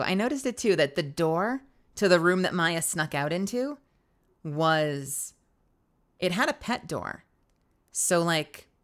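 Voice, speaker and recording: A woman's voice: on the low side, fairly bright tone. A woman streaming a game playthrough, playful and joking, swearing casually as she plays. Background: game music.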